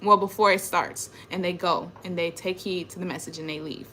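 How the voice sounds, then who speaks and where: Young woman, bright tone, rambling emotional talk, swears, faint background hiss. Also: on the low side, steady tone, fairly quick. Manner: emotional, rambling, swears often, trails off quietly. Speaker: spiritual vlogger. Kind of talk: casual personal monologue.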